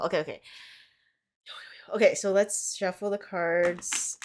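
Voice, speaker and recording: A woman's voice: on the low side, a little slow, long pauses. A young woman reading tarot in a casual, rambling vlog, upbeat and full of "like" fillers. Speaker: tarot reader.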